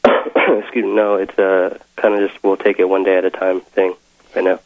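Deep gravelly man on a tinny phone line. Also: flat delivery, normal speed, slight background noise. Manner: hesitant, many fillers. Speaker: caller. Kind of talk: call-in advice conversation.

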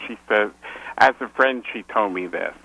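Low gravelly guy calling in, bright edgy tone, stumbles a lot, phone line. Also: moderate pace, dry recording. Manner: hesitant, many fillers, laughs nervously. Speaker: caller. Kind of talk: phone-in conversation.

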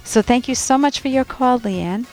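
A woman's voice: fairly high pitch, moderate pace, a little mellow, soft background music. A woman hosting a radio call-in show as a clinical psychologist, giving direct, emphatic advice with pointed rhetorical questions, on a close studio mic.

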